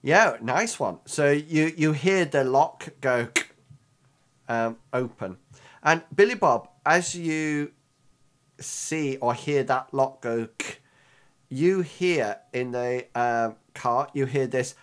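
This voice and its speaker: A man running a tabletop game as game master, talking in a halting way with many ums and restarts. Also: mid-range voice.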